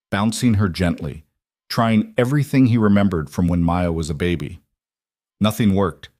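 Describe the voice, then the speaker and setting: A man narrating a family drama story in a steady, unhurried scripted read. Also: on the low side, no echo, studio quality.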